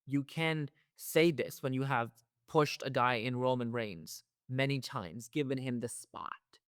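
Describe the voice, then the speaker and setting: A man's voice: mid-range voice, unhurried, smooth, no room sound. Man ranting heatedly, dry close sound. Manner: heated, profane, repetitive ranting. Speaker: wrestling commentary host. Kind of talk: ranting reaction commentary.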